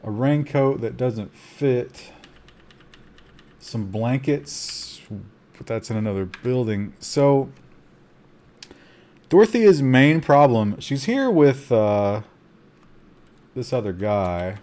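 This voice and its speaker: Man, game streamer, live commentary, slow delivery, excitable outbursts. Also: medium pitch. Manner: excitable, gasping reactions between calm asides; talks to chat. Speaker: streamer playing a survival game.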